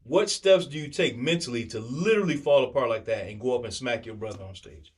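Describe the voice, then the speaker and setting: Podcast co-host, male, rapid and opinionated, mid-pitched voice, casual talk. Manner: animated, opinionated, talks in long runs with filler phrases. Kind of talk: casual discussion.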